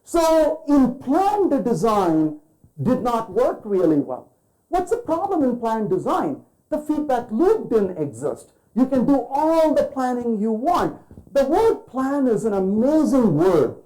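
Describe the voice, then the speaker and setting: A man's voice: very high voice, sing-song, slow pace, dark tone, poor audio. A man giving a conference keynote, firing rhetorical questions at the audience and acting out quoted voices. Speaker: keynote speaker.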